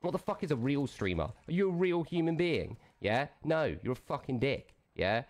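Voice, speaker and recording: A man's voice: fairly high pitch, big pitch swings, moderate pace. A man streaming a game, launching into an aggressive, profane rant that keeps jabbing with "yeah?". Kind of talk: angry livestream rant.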